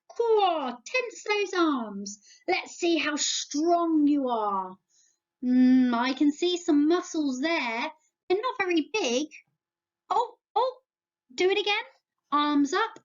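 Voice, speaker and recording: A woman's voice: high-pitched, dull audio. A woman with an English accent leading a Bible lesson for young children, playful and encouraging, asking them to join in. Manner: animated, slow and playful, speaking to young children. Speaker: children's church leader. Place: church setting, home video.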